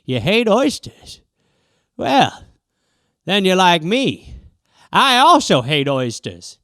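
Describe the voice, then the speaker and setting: A man voicing Oyster Cop, a brash, pushy male cop who interrogates people about oysters in a loud, swaggering, accusing way. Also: sits high, big pitch swings, slow, no echo, clean studio sound, full character voice.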